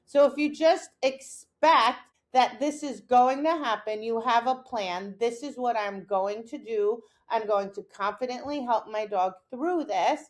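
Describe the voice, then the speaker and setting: A fairly high-voiced, middle-aged woman talks through dog training in a relaxed podcast chat. She is animated and keeps slipping into little acted lines for herself and her dog. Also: unhurried, few pauses. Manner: animated, acts out her own lines and her dog's reactions. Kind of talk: casual instructional chat.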